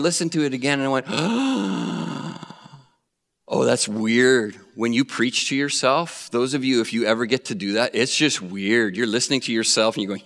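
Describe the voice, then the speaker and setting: A male preacher telling a Bible story with animated flair, acting out the voices. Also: fairly high pitch. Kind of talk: sermon. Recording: long reverb of a hall.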